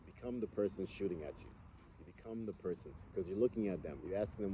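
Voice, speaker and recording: A man's voice: sits low, quick pace. A man co-hosting a podcast, talking earnestly and philosophically in casual chat, repeating phrases for emphasis. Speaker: podcast co-host. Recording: noisy background.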